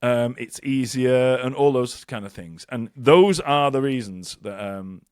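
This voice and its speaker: A man in casual podcast chat who rambles through stories and pokes fun at himself, with plenty of ums and restarts. His voice sits at an everyday middle pitch. The recording is dry and close. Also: measured pace, darkish tone, clear, resonant tone, no room sound. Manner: rambling, self-mocking, lots of ums. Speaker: podcast co-host.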